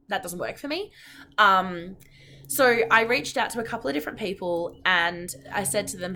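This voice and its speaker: A woman's voice: mid-range voice, bright, forceful tone. A woman in her late twenties with an Australian accent, hosting a podcast in casual, earnest chat full of ums and restarts. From Perth, Western Australia. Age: 20s. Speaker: podcast host.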